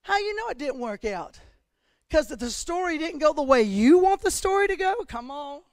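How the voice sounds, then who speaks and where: A woman pastor preaching a sermon with passion, often shouting and then dropping to a hush. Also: high-pitched, very animated, moderate pace, dry recording. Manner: impassioned preaching, often shouting, swings between loud and hushed.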